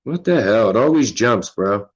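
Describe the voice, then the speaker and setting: A man's voice: fairly low pitch, lively intonation, moderate pace, highs cut off. A man hosting a casual livestream, laid-back and profane, reading the chat aloud. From Philadelphia. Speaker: livestream host.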